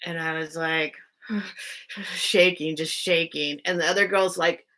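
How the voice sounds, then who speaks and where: A woman's voice: on the low side, fairly even intonation, slow pace, pushed and bright. A woman hosting a live sale stream, casually telling a personal story to her chat, full of "like" fillers and greeting viewers by name.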